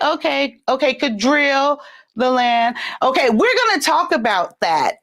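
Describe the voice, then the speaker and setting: Middle-aged Southern woman, talkative livestream host, giggly, voice leaps up high when excited. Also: slow pace. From California. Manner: chatty, laughs often, animated pitch jumps. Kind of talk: casual livestream chat.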